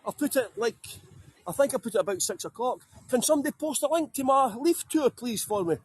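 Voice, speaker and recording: This guide from Scotland has a very high voice with lively intonation, talking a little fast over a faint hiss or hum. Outdoors on town streets, he runs a live-streamed walking tour in a chatty, jokey manner, calling out viewers' names.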